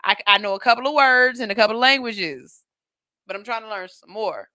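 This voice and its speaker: A woman talks on a radio show in a bright, forceful voice. The sound is dry and close. She chats casually, playful and animated, then turns firm and reasoned. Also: fairly high pitch, fairly quick, no echo. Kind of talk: casual opinion talk.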